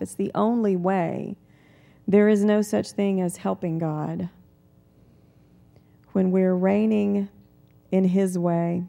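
A woman preaching a sermon in a calm, conversational way, weaving in personal stories. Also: medium pitch, creaky.

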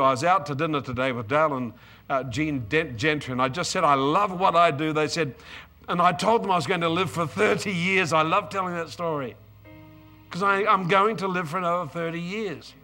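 A man's voice: a little high, bright, forceful tone. A man in his seventies with an Australian accent, preaching an emotional, exuberant sermon with bursts of praise and repeated words.

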